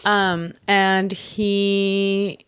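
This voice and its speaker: A woman's voice: medium pitch, level tone, very slow, fairly bright tone, clear, resonant tone, no room sound, studio quality. A young woman co-hosting a podcast, telling a workplace story in casual chat, acting out quotes and swearing freely. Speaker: podcast co-host.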